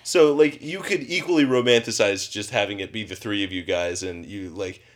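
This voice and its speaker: A man's voice: lowish voice, normal speed. A young man co-hosting a podcast, rambling and joking in casual chat with lots of fillers. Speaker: podcast co-host.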